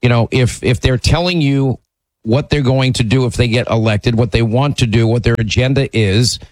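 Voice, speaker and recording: A man's voice: mid-range voice, normal speed, darkish tone, no room sound, rough recording. Radio host guy talking emphatic, dry close studio sound. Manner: emphatic, conversational. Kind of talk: call-in talk radio.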